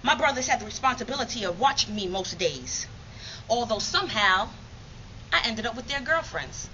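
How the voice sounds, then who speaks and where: Woman from New York, bright and fairly high, emphatic spoken-word monologue; dull, lightly noisy recording. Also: sing-song, moderate pace. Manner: rhythmic, emphatic, streetwise storytelling.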